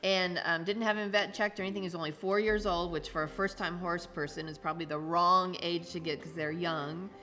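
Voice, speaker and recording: A woman's voice: lowish voice, steady tone, brisk, hardly any pauses, bright, forceful tone, soft background music. A middle-aged woman telling personal stories as a guest in a casual chat, often laughing as she talks. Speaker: interview guest. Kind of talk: casual storytelling.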